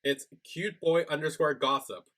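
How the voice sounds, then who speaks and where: A man's voice: on the high side, steady tone, normal speed, bright, forceful tone. A man co-hosting a podcast, chatting casually as he retells a show's episode and acts out the characters' lines. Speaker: podcast co-host. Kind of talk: casual recap chat.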